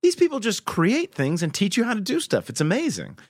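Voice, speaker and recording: Male podcast co-host, lively up-and-down voice, dry close sound, rambling delivery. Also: high-pitched, no room sound. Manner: rambling, halting, with many restarts. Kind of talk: casual podcast chat. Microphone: remote call microphone.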